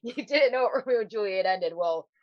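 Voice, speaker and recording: A woman's voice: mid-range voice, lively intonation, moderate pace, dry recording. Laughing, foul-mouthed woman podcaster. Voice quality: swears freely, laughs often. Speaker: podcast co-host. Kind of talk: casual chat. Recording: dull, lo-fi dry sound.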